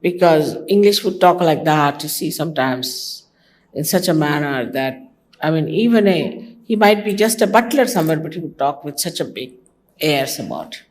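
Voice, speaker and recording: Older woman teacher, lively teasing speech. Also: normal speed, a little hiss or hum. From India. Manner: conversational, teasing, mimics others with sudden pitch jumps. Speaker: spiritual teacher. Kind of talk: devotional talk to followers. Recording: archival talk recording.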